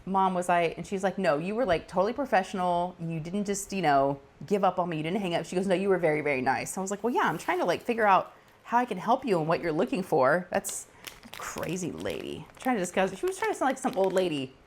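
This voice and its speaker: Animated woman telling stories. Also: on the low side, fast talker. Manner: animated, acts out callers' voices, laughs often. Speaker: crafting channel host. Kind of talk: casual storytelling chat.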